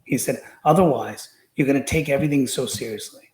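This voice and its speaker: A man talks through his memories as a podcast guest, circling back and restarting often. His voice sits at an ordinary middle pitch. The room around him rings with echo. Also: fast talker, darkish tone. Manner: rambling, many fillers and restarts. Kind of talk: casual storytelling.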